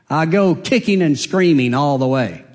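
A man preaching a sermon, earnest and confessional, swinging from raised emphatic peaks down to near-whispered hushes. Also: lively intonation, moderate pace. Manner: emphatic, rising high then dropping to near-hush.

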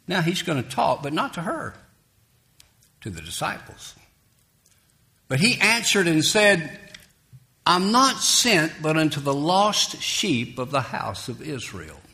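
A man preaching a sermon, emphatic and dramatic, voicing the people in the story as he retells it. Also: fairly high pitch. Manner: lively, emphatic preaching, rising loud for quoted lines.

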